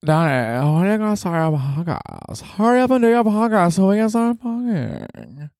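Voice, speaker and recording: Male comic voicing a pushy, foul-mouthed young woman, high and swooping, dry close sound. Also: sing-song, moderate pace, creaky, darkish tone, dry recording, full character voice. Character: crude, needy young woman, his new girlfriend. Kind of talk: comic bit on a podcast.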